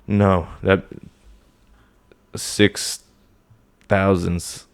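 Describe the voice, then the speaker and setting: A young man co-hosting a casual podcast, reading statistics aloud haltingly. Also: low-pitched, level tone, creaky, clean tone. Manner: reads stats aloud haltingly. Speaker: podcast co-host. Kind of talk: casual chat.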